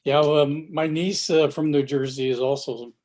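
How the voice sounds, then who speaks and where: A man's voice: fairly high pitch, fairly even intonation, moderate pace, darkish tone, a little hiss or hum. A man from Southern Indiana with a matching accent, chatting as a guest on a live show. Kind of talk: casual conversation.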